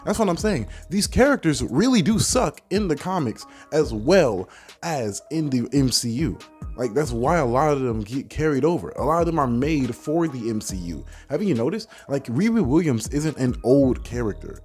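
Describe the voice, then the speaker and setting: A man's voice: mid-range voice, very animated, moderate pace, a little mellow, soft background music. A young man giving a heated, dismissive rant as a video commentator, packed with filler words and swearing. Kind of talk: casual ranting commentary.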